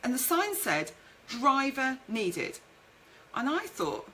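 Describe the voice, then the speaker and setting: A woman's voice: sits high, big pitch swings, measured pace, bright, forceful tone, a little hiss or hum, low-quality recording. A woman hosting a live-streamed business talk, chatty, reading out viewer comments and telling stories from her career. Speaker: networking show host and speaker.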